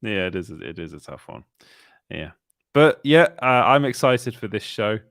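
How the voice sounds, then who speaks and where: A man's voice: on the low side, very animated, normal speed, creaky, fairly bright tone, no echo, studio quality. A man in his thirties co-hosting a casual show, jokey and rambling, often laughing. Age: 30s. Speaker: podcast co-host. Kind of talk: casual chat.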